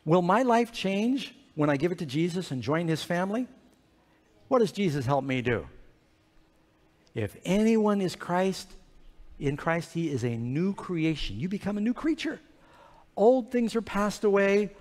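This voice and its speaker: A man telling an animated, playful story sermon to children in a large church hall. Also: high voice, moderate pace, long pauses. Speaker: preacher. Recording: reverberant hall.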